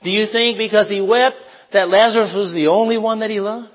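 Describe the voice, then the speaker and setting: A man's voice: high voice, steady tone, fairly quick, a bit bright, rough recording. A man preaching an informal sermon in a conversational way, asking the listeners questions and telling personal stories.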